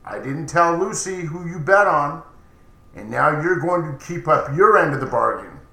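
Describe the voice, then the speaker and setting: A man's voice: on the high side, moderate pace, creaky, bright, forceful tone. A man voicing a menacing male mob loan shark who speaks bluntly and threateningly. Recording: roomy echoey recording.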